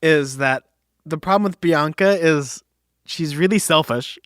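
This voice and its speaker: Young guy podcast cohost, kinda high voice, opinionated and rambly, dry sound. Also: a little slow, a bit bright, dry recording. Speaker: podcast co-host. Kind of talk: casual chat.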